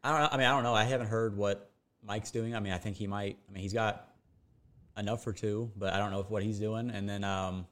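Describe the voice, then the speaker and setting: A race car driver guesting on a podcast, talking casually with many fillers and restarts. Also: male voice, fairly low pitch, fairly even intonation, a little fast, a bit bright.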